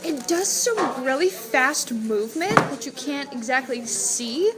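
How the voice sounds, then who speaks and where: A woman's voice: high voice, lively intonation, measured pace. A woman narrating a tabletop game as game master, casual and full of fillers. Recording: noisy room with crowd chatter.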